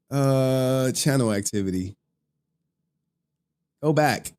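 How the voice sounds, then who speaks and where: This young man's live stream is casual talk full of slang and profanity, broken up by frequent laughter. He speaks with a slow drawl, though his mid-range voice has lively intonation.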